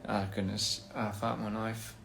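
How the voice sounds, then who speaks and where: A man's voice: fairly low pitch, little pitch movement, measured pace, creaky, a bit bright, reverberant, a little hiss or hum. A man chatting casually on a phone livestream, rambling through goofy wordplay and laughing at his own jokes. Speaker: livestream host.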